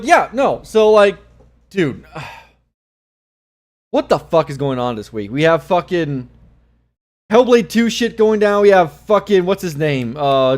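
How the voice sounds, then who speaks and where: A young man hosting a casual live stream, excitable, swearing a lot and laughing often. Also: fairly high pitch.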